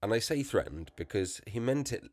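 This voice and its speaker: A man's voice: fairly low pitch, expressive, a little fast, darkish tone, dry recording. A young adult man co-hosting a podcast in casual chat, joking and laughing often. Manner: playful, jokey, laughs often. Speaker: podcast co-host.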